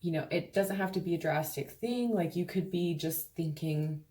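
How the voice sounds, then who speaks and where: A woman's voice: lowish voice, normal speed, dark tone. A woman giving a casual tarot reading, talking frankly and chattily, swearing freely and acting out quoted voices. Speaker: tarot reader.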